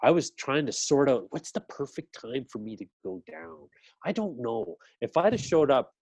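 A middle-aged man recounts a story with lively, animated delivery, slipping into the voices of the people he quotes. The sound is close and dry, with no room around it. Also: mid-range voice, moderate pace, no echo. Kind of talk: casual chat.

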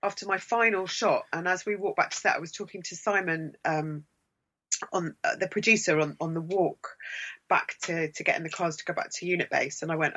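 An actor with a London accent, chatting as an interview guest in a lively, emphatic way, repeating words for stress. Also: medium pitch, brisk, dull audio. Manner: animated, emphatic repetitions. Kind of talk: casual interview chat.

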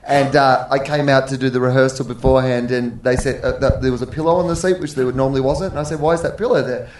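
A man's voice: medium pitch, steady tone, fast talker, a little mellow. A man, a guest telling funny stories in casual, self-mocking chat. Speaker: podcast guest. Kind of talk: casual chat, comic storytelling. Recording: echoey room with background noise.

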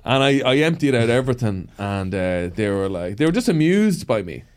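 A man's voice: mid-range voice, big pitch swings, brisk, clean tone. A man with a Cavan Irish accent, a guest on a casual podcast, telling stories and acting out the other people's lines, with plenty of swearing. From Ireland. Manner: swearing storyteller who acts out voices. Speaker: guest comedian.

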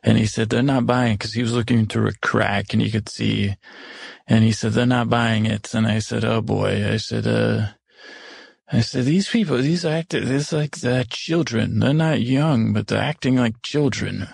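A man improvising as an older, once-cruel stepmother, telling her story in a rambling, halting way and correcting himself as he goes. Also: on the low side, gravelly, a little mellow, slightly rough, dry recording, clean studio sound, full character voice. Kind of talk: improvised first-person storytelling.

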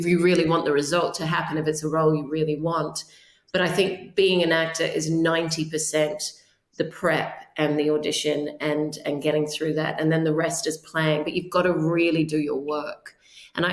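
A woman in her forties from New Zealand, with a New Zealand accent, speaking as an actor giving earnest advice in a casual interview, often restarting her phrases. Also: sits low. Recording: roomy echo.

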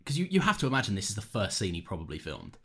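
A man in casual podcast chat, his pitch swinging lively as he talks. He jokes around and slips into quick voices when retelling scenes. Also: breathy edge. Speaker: podcast co-host.

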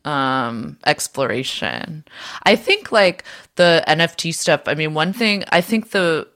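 A woman with a low-pitched voice co-hosts a casual political podcast. She explains at length, restarting sentences, leaning on fillers, and swearing now and then. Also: animated, slow pace, fairly bright tone. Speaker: podcast co-host.

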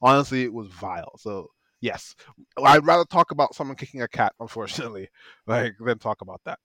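A man's voice: mid-range voice, animated, brisk, pushed and bright, no echo. A man co-hosting a casual football podcast, talking emphatically and laughing often. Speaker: podcast co-host.

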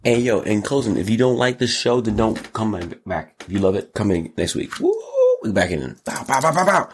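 A male host delivering an energetic solo commentary show, hyped and exclamatory, often jumping up to high squeals. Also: brisk, husky. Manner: hyped, exclamatory, gasping and laughing, jumps to squeals.

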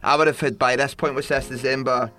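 A man's voice: mid-range voice, fairly even intonation, fast, pushed and bright, soft background music. A man chatting casually on a podcast, joking and swearing as he talks. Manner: swearing, jokey, laughing. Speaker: podcast co-host. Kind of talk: casual chat.

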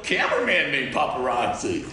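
A man telling an animated anecdote as a film director guest in a casual interview, laughing often. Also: medium pitch, normal speed. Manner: animated storyteller who laughs a lot. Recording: roomy with crowd chatter.

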